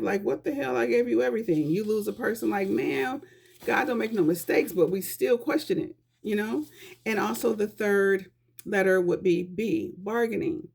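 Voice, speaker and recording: A woman's voice: mid-range voice, vocal fry, a little mellow, slightly rough. A woman talking earnestly and conversationally to her viewers in a casual vlog, giving life advice. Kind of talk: casual talk to camera.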